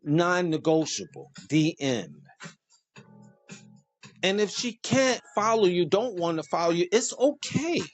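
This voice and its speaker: A man hosting a casual monologue, preachy and animated, joking and laughing at his own lines. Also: sits high, moderate pace, few pauses, no echo, faint music behind. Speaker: host.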